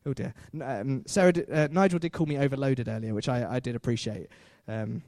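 A man's voice: medium pitch, normal speed, dark tone, no echo, clean studio sound. A man preaching a sermon in a chatty way, with self-deprecating jokes and frequent fillers.

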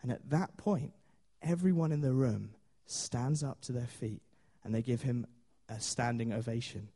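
A man's voice: mid-range voice, unhurried, mellow, husky. A man preaching a sermon in a chatty storytelling way, with many fillers and small laughs.

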